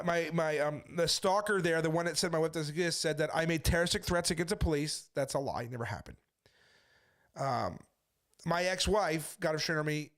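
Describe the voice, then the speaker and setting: A man with a fairly high voice speaks as a street preacher in a loose, unscripted monologue. He sounds defensive, tells his story at length and slips into the voices of the people he quotes. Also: fairly bright tone. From United States. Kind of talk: casual monologue to camera.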